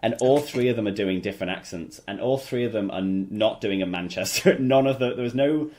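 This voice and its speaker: A fairly low-pitched English man in his thirties, chatting casually as a podcast host. He laughs often and keeps restarting his sentences as his thoughts run ahead. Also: fairly quick, darkish tone. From England. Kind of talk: casual chat.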